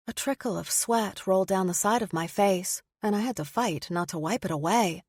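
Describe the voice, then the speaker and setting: A woman narrating a first-person audiobook in a measured, expressive storytelling manner, close to the mic. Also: mid-range voice, dry recording.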